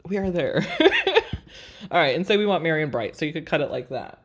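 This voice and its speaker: A woman's voice: sits low, lively intonation, racing, slightly rough. A woman in her forties hosting a live craft design stream, chatting with viewers as friends while she works through a tutorial. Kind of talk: live screen-share tutorial with viewer chat.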